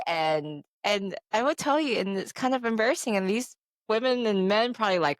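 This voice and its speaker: In a candid, casual podcast chat, a woman in her forties co-hosts with animated energy, spinning stories and often saying "I'm like." Her medium-pitched voice moves a little fast, and the recording is dry.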